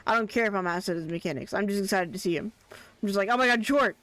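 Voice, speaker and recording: A streamer giving casual, excitable commentary while playing, chattering along and repeating a favourite name again and again. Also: medium pitch, fast talker, dry recording.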